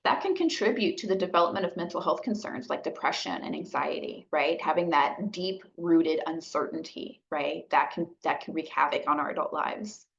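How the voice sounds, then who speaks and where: Low-voiced woman giving a gentle talk, dull audio. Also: normal speed, vocal fry, few pauses, slight background noise. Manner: gentle, conversational, frequent "right?" and "okay?" checks. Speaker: caregiver outreach specialist. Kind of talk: educational webinar talk.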